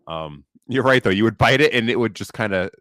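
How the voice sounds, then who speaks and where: Male podcast co-host, thirties, very low voice, dry close sound, chatty and amused. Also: lively intonation, a little fast, fairly bright tone, no room sound. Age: 30s. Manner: reads list entries aloud, laughs often. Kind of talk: casual chat.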